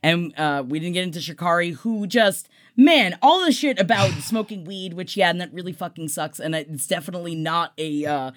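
A woman with a slightly low-pitched voice co-hosts a casual podcast. She talks in an animated, loose way and swears freely. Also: normal speed, few pauses, no room sound, clean studio sound. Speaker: podcast co-host.

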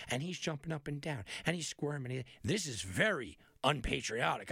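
Animated man talking sports bets. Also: on the high side, moderate pace, gravelly, few pauses, slightly rough, no room sound, clean studio sound. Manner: animated storyteller, emphatic, some restarts. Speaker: sports betting analyst. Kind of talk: casual betting talk.

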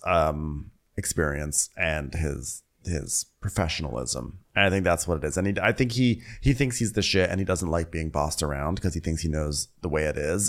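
A man co-hosting a comedic recap podcast, rambling and mocking people with quick impressions. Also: low-pitched. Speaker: podcast co-host.

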